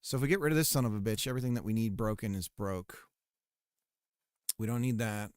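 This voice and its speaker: A male streamer rambles casually, muttering to himself between thoughts as he works on a game. His voice is smooth and clear, recorded close and dry with no room sound. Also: on the low side, fairly quick, no room sound. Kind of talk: casual chat while working on a game.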